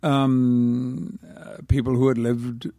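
An older man from the north of England tells stories in a measured, wry way. His voice has a gravelly, slightly creaky texture, and the sound is dry and close, with little room around it. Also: medium pitch, flat delivery, mellow, dry recording. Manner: measured, articulate, wry storyteller. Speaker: guest actor. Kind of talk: anecdotal interview storytelling.

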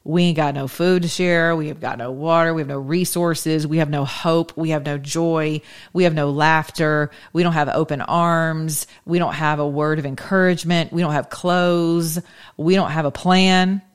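A woman's voice: sits low, steady tone, moderate pace, clean tone. A woman hosting her show, giving an emphatic, folksy, preachy monologue. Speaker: show host. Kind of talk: impassioned casual monologue.

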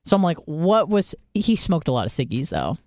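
In clean studio sound with no echo, a young San Diego woman hosting a podcast speaks fast in a very deep, dark-toned voice whose pitch swoops wildly. Chatting casually, this American storyteller swears often and imitates other people's voices.

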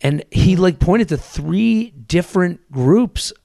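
A man hosting a comedy podcast, telling animated stories in casual, swearing chat. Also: sits high, slow, gravelly, dry recording, clean studio sound. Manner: animated storytelling, swearing, acting out quotes. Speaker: podcast host.

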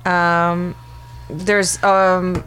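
A woman's voice: on the low side, level tone, a bit bright, a little hiss or hum. Chatty woman co-hosting a podcast. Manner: chatty, with frequent fillers and quick agreeing yeahs. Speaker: podcast co-host. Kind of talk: casual chat comparing TV episodes.

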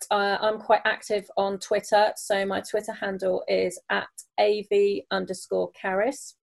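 Woman from the UK, podcast guest, hesitant delivery, gravelly fry in the voice. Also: mid-range voice. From United Kingdom. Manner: hesitant, many "um" pauses. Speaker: branch leader of an industry women's group. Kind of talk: casual podcast interview.

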